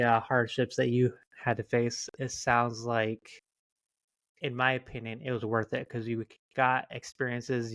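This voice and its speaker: A man's voice: medium pitch, no echo, studio quality. A man hosting a casual podcast, affirming his guest in an easygoing way and steering the talk. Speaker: podcast host. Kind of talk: casual chat.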